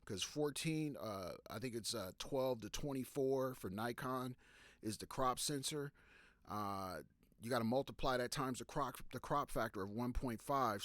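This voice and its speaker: In a fairly low voice with no echo, a man gives photography advice during a casual live stream. He speaks loosely, with fillers and false starts, and pauses to respond to questions from viewers.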